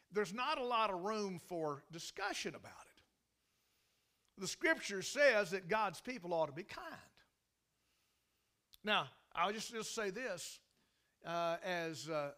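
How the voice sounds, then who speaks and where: A man's voice: high voice, pushed and bright. A man preaching a sermon in a folksy, emphatic way, often restarting his sentences. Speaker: pastor.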